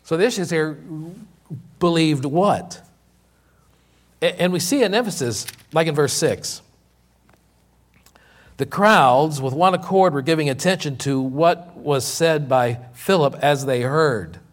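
A man preaching a sermon, stressing key points by repeating them, slowing down on important words, with some fillers and restarts. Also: on the high side. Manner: repeats key lines for emphasis, with many slow, drawn-out words. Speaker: pastor.

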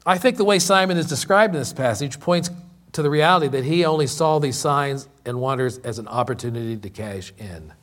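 A man preaching a sermon, stressing key points by repeating them, slowing down on important words, with some fillers and restarts. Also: mid-range voice, animated, fairly bright tone. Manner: repeats key lines for emphasis, with many slow, drawn-out words. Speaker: pastor.

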